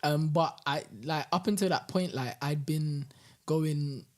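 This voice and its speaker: A man's voice: on the high side, measured pace. Chatty man telling stories. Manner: animated storytelling, laughs often. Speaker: guest musician and bus driver. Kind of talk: casual interview chat.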